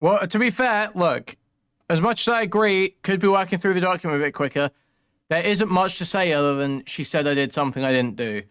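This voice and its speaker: A man's voice: high voice, a little fast, a bit bright, clear, resonant tone, dry recording, studio quality. A man co-hosting casual commentary, blunt and joking, laughing often. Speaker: co-host commentator.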